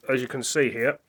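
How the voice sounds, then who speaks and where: A man's voice: medium pitch, a bit bright. A man chatting casually while he reads news off a screen, rambling and stumbling over hard words, apologetic, sometimes talking with his mouth full. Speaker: vlogger.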